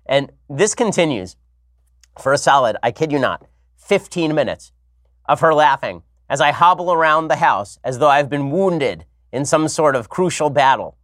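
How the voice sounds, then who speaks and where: A man hosting a commentary show, telling stories in a casual, animated way with sarcastic asides. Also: medium pitch, moderate pace, no echo, studio quality. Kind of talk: casual comedic monologue.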